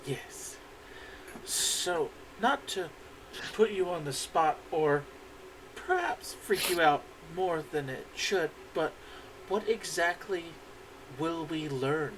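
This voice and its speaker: A man's voice: fairly high pitch, lively intonation, slow, background noise. A man playing his character in a tabletop game with a dry, sarcastic manner. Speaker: player. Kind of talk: casual in-character play.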